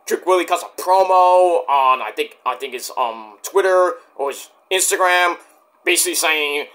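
A man's voice: on the high side, normal speed, fairly bright tone. A man giving a rambling, profane, casual review of a wrestling event.

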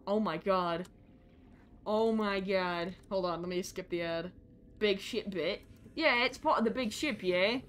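A woman streaming a game live, chatting excitably, greeting creatures with squeals and swearing when frustrated. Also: mid-range voice. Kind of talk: live gameplay stream chat.

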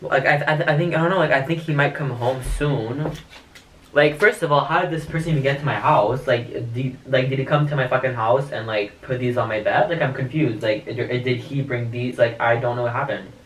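A man's voice: mid-range voice, fairly quick, fairly bright tone. Young guy rambling n swearing to a hidden cam, roomy echo, a bit far off w faint hiss. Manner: rambling, swearing, lots of likes. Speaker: vlogger. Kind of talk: casual vlog talk. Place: bedroom. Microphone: hidden camera. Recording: echoey room, far from mic, faint hiss.

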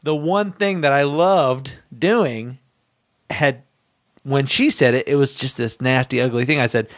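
A man's voice: medium pitch, measured pace, dry recording, clean studio sound. A man co-hosting a podcast, chatting casually and rambling with hesitations. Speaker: podcast co-host.

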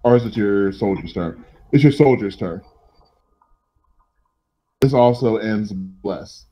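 A man running an online tabletop game as game master, making relaxed, joking rulings. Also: on the low side, slow, poor audio.

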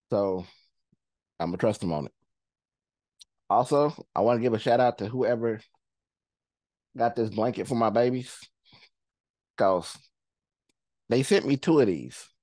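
A man hosts a movie reaction in a loose, chatty voice and swears freely as he goes. His voice sits in the middle register and stays animated. He is recorded dry and close, indoors at home. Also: medium pitch, no room sound. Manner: animated, loud, swears and laughs a lot. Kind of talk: casual reaction commentary.

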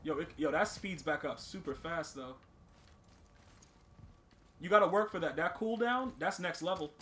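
A man's voice: a little high, normal speed, bright, forceful tone, slight background noise. A man hosting a gaming channel, giving casual gameplay commentary with hyped, slang-heavy banter.

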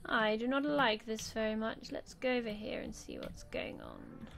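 A woman's voice: a little high, wildly swooping pitch, moderate pace, creaky, soft background music. A young woman giving casual gameplay commentary, chatty and swearing freely as she talks back at the game's characters. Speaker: gameplay video host.

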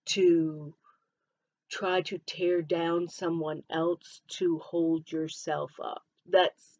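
A Michigan woman whose accent blends Southern and Midwestern hosts a casual solo podcast, talking freely and often wandering off on tangents. Her voice is fairly low and darkish, extremely slow, and the recording is muffled.

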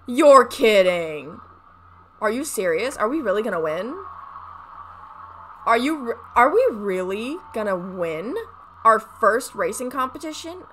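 A young woman narrates her game session in a loose, chatty way, talking straight to her characters. Her voice sits a little high and bright, with a very lively, swooping pitch. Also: unhurried, a little hiss or hum. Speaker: let's play gamer. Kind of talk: casual gameplay commentary.

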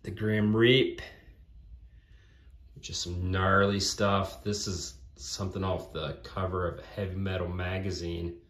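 Slow-talking man in an echoey room. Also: sits low, little pitch movement. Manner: slips into hushed whispers of awe. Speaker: vlogger unboxing a gift. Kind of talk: excited unboxing chat.

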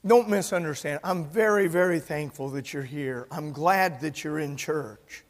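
A man in his sixties, a pastor preaching an emphatic sermon that swings from loud to soft. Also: on the high side, measured pace. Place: church sanctuary. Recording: long church reverb.

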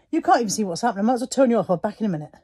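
A woman's voice: a little high, dark tone, husky. A middle-aged woman, chatting casually and mocking herself as she talks to the camera in a vlog. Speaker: vlogger.

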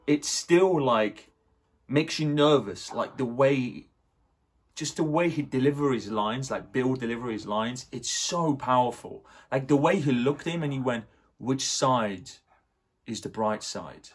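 Husky, excitable young man reacting to a movie. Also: mid-range voice, measured pace. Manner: excitable, swearing, lots of fillers. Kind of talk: casual movie reaction commentary.

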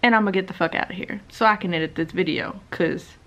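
A woman's voice: lowish voice, fast, a bit bright, lo-fi sound. A woman vlogging about books, ranting bluntly and profanely to her camera at home. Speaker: book vlogger. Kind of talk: ranting commentary vlog. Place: home recording.

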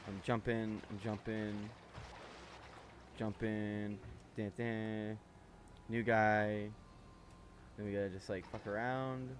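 A man's voice: on the low side, steady tone, measured pace, long pauses, noisy background. A man playing a video game and talking to himself with frustrated, swear-heavy commentary. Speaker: gaming channel host. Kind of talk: let's play commentary.

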